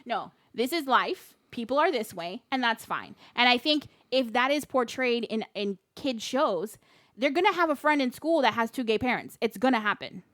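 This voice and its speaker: A woman co-hosting a casual podcast who tells personal stories in a chatty way and laughs easily. Her voice sits a little high. The sound is dry and close, with no room echo. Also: expressive, moderate pace, fairly bright tone. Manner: chatty, laughs often, storytelling. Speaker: podcast co-host. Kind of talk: casual chat.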